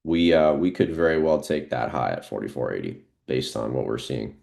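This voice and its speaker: With a gravelly, very deep voice at normal speed, a male trading streamer offers spontaneous market talk. He reasons aloud in a laid-back manner, using fillers often.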